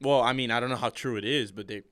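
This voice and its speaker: A young man, a communications student co-hosting a sports podcast, chatting in a relaxed, laid-back way with casual slang. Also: mid-range voice, quick pace. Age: young adult.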